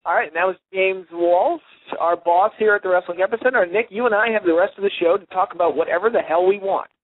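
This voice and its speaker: A man's voice: high voice, fast talker, slight background noise. A man co-hosting a wrestling talk show, chatting casually with joking asides. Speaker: radio show co-host. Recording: tinny phone-line sound.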